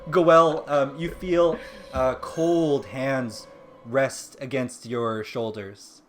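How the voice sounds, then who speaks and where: Guy dm telling the scene, lots of ums, normal pitch, soft music behind. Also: fairly even intonation, very slow. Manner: hesitant, full of ums and restarts. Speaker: dungeon master. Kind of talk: narrating a tabletop game.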